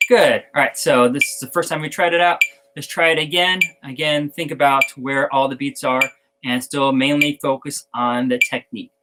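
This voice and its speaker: A man's voice: medium pitch, steady tone, moderate pace, very noisy. A man giving an online drum technique lesson, explaining exercises with fillers and self-corrections and chanting syllables in time as he counts off. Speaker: percussion teacher.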